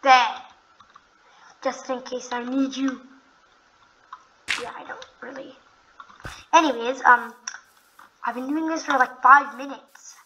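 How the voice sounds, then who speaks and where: A young woman with a high, bright voice chats her way through a video game at an unhurried pace. She is excitable, gasps at every new find and talks straight to the animals on screen. A faint hiss runs under the recording. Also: poor audio. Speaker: gamer narrating her play. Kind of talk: casual gameplay commentary.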